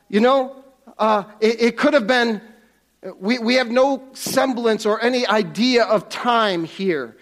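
A man's voice: very high-pitched, slow, a bit bright. A man preaching a casual, conversational sermon to a congregation in a church, often restarting and repeating words.

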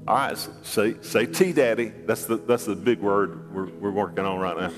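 An older man preaching a sermon as pastor, animated and joking, often repeating his words and leaping up in pitch for asides. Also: normal speed, in a large hall, over music.

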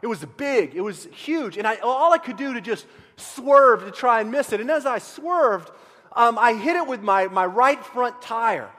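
A middle-aged pastor from Central Texas telling a self-deprecating story in a sermon, animated with frequent restarts. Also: male voice, extremely high pitch, normal speed. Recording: long reverb of a large hall.

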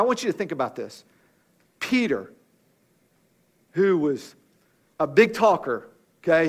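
A man preaching a sermon in a rhythmic, emphatic manner, appealing directly to his listeners. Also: fairly high pitch.

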